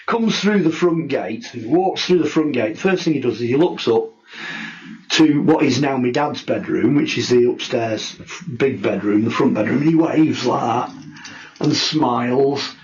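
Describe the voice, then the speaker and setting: A middle-aged man telling a ghost story in a casual interview, animated and acting out the people he quotes. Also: medium pitch, a little slow. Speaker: guest storyteller. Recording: dull lo-fi recording.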